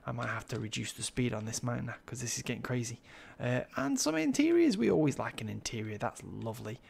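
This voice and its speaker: A man with a gravelly, mid-pitched voice talks through a video game tour in a relaxed, chatty way. He admires what he sees and fills pauses with ums and uhs. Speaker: Minecraft server tour host. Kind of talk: casual gameplay commentary.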